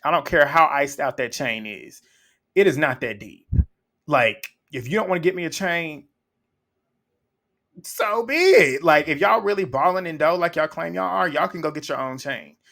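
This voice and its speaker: A man's voice: on the high side, moderate pace, vocal fry, pushed and bright. A man, recapping a reality show in blunt, mocking casual commentary and laughing often.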